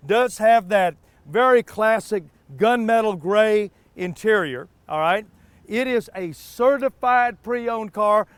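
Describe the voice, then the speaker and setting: Smooth high-voiced car salesman. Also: no room sound. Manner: folksy, repeats words, stumbles. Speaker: car show co-host. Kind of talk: sales pitch on a car lot. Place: outdoor car dealership lot.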